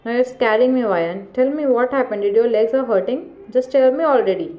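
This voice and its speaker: Woman doing caring young guy in a fanfic, earnest, pleading, kinda high. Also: fast, muffled recording, natural voice. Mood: frustrated. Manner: earnest, pleading, softly spoken. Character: caring young man, worried and protective. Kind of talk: storytelling fan fiction.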